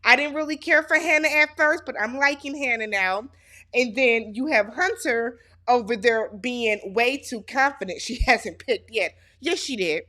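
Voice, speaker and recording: A woman's voice: a little high, measured pace, pushed and bright. Sassy woman recapping reality TV. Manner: sassy, talks straight to the show's cast. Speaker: reality show recap host. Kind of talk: casual show recap commentary.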